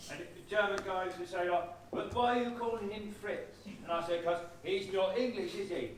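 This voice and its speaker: A man's voice: high voice, steady tone, normal speed, a little hiss or hum, lightly acted. Eager rambling old soldier, played by a man on stage; distant echoey hall sound. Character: eager elderly male lance corporal veteran. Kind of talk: amateur stage comedy performance.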